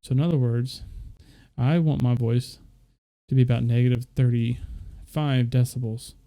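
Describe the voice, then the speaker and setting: Very dark-voiced man explaining stream settings. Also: mid-range voice, steady tone, unhurried. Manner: loose, rambling, talks to viewers directly with fillers. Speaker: streamer explaining audio setup. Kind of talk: casual screen-share tutorial.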